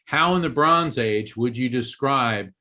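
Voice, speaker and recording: A man's voice: mid-range voice, measured pace, pushed and bright. A man from Florida, an author guest in an interview, telling a story earnestly and with animation, often restarting his sentences. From East Coast Florida, USA.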